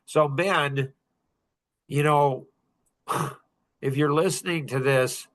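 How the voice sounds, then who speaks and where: A man's voice: fairly high pitch, very slow. A man in his sixties hosting a podcast, talking casually in a blunt, emphatic, preachy way. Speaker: podcast host.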